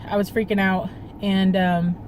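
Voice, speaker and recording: A woman's voice: mid-range voice, flat delivery, unhurried, a little mellow, slight background noise, poor audio. A young woman telling a personal story to her phone camera in a casual vlog, rambling with many fillers and trying not to cry. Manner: rambling, full of fillers, fighting back tears. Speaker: vlogger.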